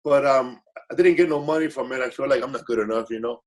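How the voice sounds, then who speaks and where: A man with a medium-pitched voice talks fast while telling stories as a guest comedian. It's laid-back and rambling, with self-corrections and occasional Spanish phrases.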